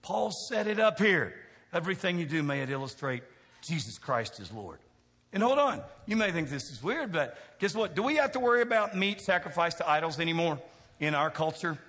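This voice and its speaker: A man preaching a sermon, talking with the crowd in a chatty way, asking questions, going from quiet to loud. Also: on the high side, expressive, a little fast. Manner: conversational preaching, asks the crowd questions, swings from soft to shouting. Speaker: pastor. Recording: long hall reverb.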